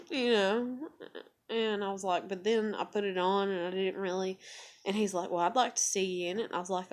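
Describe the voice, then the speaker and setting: A woman's voice: medium pitch, normal speed, long pauses, slight background noise. A young woman telling a personal story in a rambling, candid vlog, swearing freely and full of fillers. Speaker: vlogger. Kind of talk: confessional vlog monologue.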